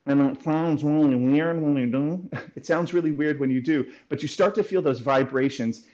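A man speaking as a voice coach in a casual interview, explaining lively and demonstrating sounds as he goes. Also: mid-range voice, muffled recording. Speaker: voice coach and guest.

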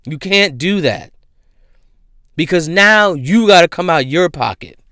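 A young man hosting casual celebrity news commentary, ranting loudly and in disbelief with street slang and profanity. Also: on the high side, lively intonation, unhurried, dry recording, studio quality. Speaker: host.

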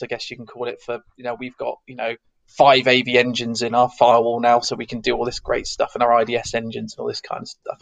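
Casting: English man, neutral accent, gravelly and dry, talks in loose rambling runs. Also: medium pitch, dry recording, dull audio. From south of England. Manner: rambling, many restarts and fillers. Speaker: guest, security consultant. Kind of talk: casual interview chat.

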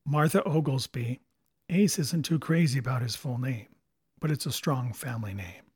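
A man's voice: mid-range voice, moderate pace, a little mellow, slightly rough, no room sound, studio quality. A man reading the part of a businesslike middle-aged mother and former librarian, in an audiobook. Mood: polite.

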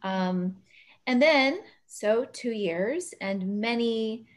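A woman hosting a casual interview over a video call, emotional and quick to laugh, calling herself a big softie. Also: fairly high pitch, lively intonation. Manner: warm, emotional, laughs often. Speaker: podcast host.

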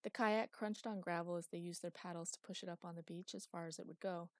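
A woman narrating a novel in a steady, even storytelling way. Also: on the low side, quick pace, no echo. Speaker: audiobook narrator. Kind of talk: scripted narration.

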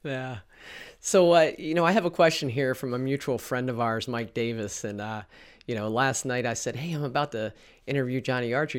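A man interviewing a guest in a relaxed, chatty way, quick to laugh. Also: mid-range voice. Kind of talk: casual interview.

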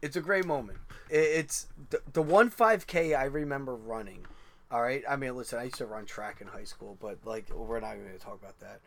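Quiet man chatting casually. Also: medium pitch, a little fast, creaky, slight background noise. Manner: quiet, supportive listener with short interjections. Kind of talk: casual chat.

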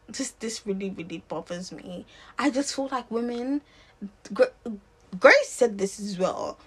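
A woman's voice: medium pitch, expressive, a little slow, long pauses, a bit bright, husky. A young woman vlogging, giving an impassioned opinion with rhetorical questions and frequent restarts. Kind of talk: opinionated to-camera rant.

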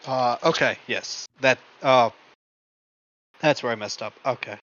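Bright man on a muffled mic. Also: mid-range voice, unhurried. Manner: joking interjections. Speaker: podcast co-host. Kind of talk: casual chat.

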